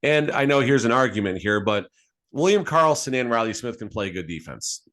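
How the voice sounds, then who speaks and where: A man co-hosting a sports podcast, joking and animated, often repeating words as he talks. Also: medium pitch, moderate pace. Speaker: podcast co-host. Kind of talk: casual sports chat.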